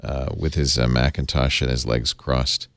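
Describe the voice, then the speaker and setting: A man's voice: a bass voice, fairly even intonation, normal speed, fairly bright tone, clean tone. A man hosting a casual tech chat in a studio, talking with many hesitant fillers. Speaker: host.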